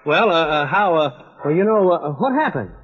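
An actor playing a flustered, fumbling cowboy who stammers and gets excitable, in 1940s radio acting. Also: male voice, fairly high pitch, moderate pace, husky. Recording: dull old radio broadcast.

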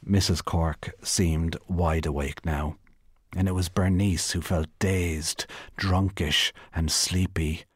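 A man reads a literary short story aloud, measured and even. His voice sits very low with a husky grain, recorded close in a dry space. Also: dry recording. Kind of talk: literary reading.

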